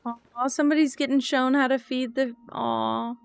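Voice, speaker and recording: A woman's voice: sits high, fairly even intonation, normal speed, gravelly, clear, resonant tone. A woman streamer chatting casually while playing a game, rambling from thought to thought and answering her chat.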